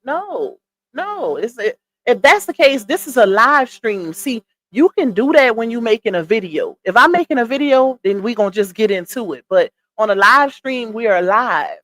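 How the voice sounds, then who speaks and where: A woman's voice: on the high side, fairly bright tone. A woman in her thirties from the US South, hosting a live stream in a chatty, casual way, greeting viewers by name and reading their comments aloud. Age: 30s. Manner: laughs often, Southern slang like "child" and "y'all".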